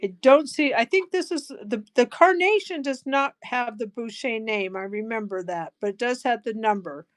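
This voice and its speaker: A woman hosting a live-stream jewelry auction, chatty and excitable, gushing over each piece. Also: fairly high pitch, normal speed, few pauses. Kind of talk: live auction selling chat.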